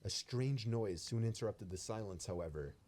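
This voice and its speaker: A man reading a scripted first-person horror story in a steady, even storytelling manner. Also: lowish voice, moderate pace, slight background noise.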